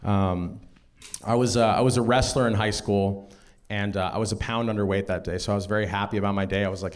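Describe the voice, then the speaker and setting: A man's voice: fairly low pitch, lively intonation, brisk. A young man performing a stand-up comedy set, rambling casually with lots of fillers and acting out quotes. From half Mexican, half German. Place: comedy club stage with audience laughter.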